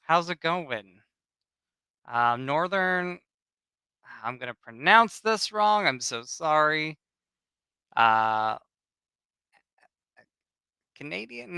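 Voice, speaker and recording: A man with a very bright, smooth voice, chatting casually on a livestream. He greets his viewers by name in an affectionate, gushing way. The sound is close and dry. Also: on the high side, no echo, low-quality recording. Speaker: livestream host. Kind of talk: casual chat.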